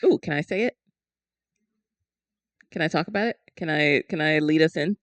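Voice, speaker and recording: A woman's voice: deep voice, dry recording. A woman co-hosting a podcast in casual chat, playful and teasing. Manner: playful, teasing, quick to laugh. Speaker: podcast co-host.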